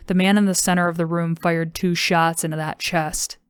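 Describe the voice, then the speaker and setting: Low, even-toned woman narrator. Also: normal speed, smooth, no room sound. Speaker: audiobook narrator. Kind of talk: scripted narration.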